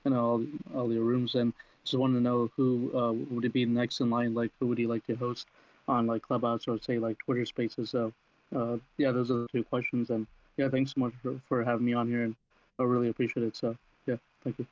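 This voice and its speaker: A man's voice: medium pitch, little pitch movement, a little fast, no echo. A man from the audience asking questions hesitantly, with many fillers. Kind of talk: casual question. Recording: dull, dry audio.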